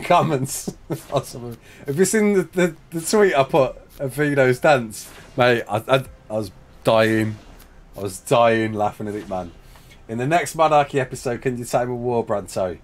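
A young man live-streaming a building game, chatting casually, reading out chat messages and talking himself through each step. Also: medium pitch.

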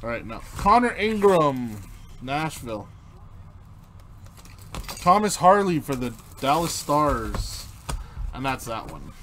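A man's voice: medium pitch, big pitch swings, takes it slowly, long pauses, sharp tone, slight background noise. A man hosting a live card break. He reads out player names as he opens the packs and chats casually with viewers. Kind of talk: live card-opening commentary.

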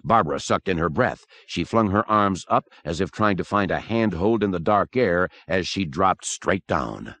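Lively low-voiced male narrator. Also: normal speed, hardly any pauses. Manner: dramatic, expressive. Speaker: audiobook narrator. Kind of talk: audiobook narration. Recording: dry close recording.

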